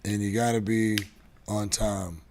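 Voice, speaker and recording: A man's voice: lowish voice, steady tone, measured pace, a little mellow, a little hiss or hum. A man hosting a casual livestream giveaway show, talking in a loose, rambling way and swearing offhandedly. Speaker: show host.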